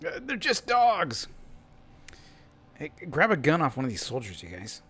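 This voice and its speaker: Lively high-voiced man urging on. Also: measured pace, husky. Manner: pushy, joking, urging violence. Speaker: player. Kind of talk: tabletop game chat.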